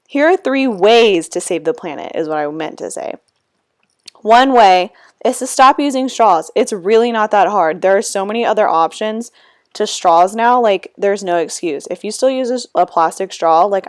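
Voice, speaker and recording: A woman's voice: mid-range voice, no room sound, clean studio sound. A young woman, chatting in a sassy, rambling voiceover, out of breath. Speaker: vlogger. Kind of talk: casual voiceover chat. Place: her room.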